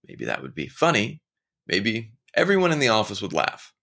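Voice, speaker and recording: A man's voice: lowish voice, moderate pace, vocal fry. A man giving a casual motivational talk. He speaks straight to the listener and tells stories, often acting out the voices of the people in them. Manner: animated storytelling, acting out quoted voices; conversational, addresses listener directly.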